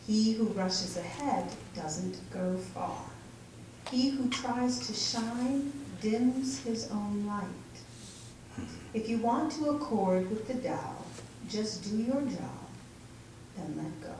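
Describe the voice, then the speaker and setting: Slow, deliberate woman reader, echoey. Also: medium pitch. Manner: measured, deliberate reading. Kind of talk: slow scripture reading. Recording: echoey room from far off, noise behind.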